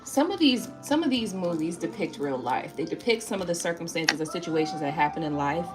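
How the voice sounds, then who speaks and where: A woman's voice: fairly low pitch, expressive, fairly quick, over music. Rambling, swearing woman tarot reader. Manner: rambling, tag questions, frequent swearing. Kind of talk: live-stream chat, reading viewer comments.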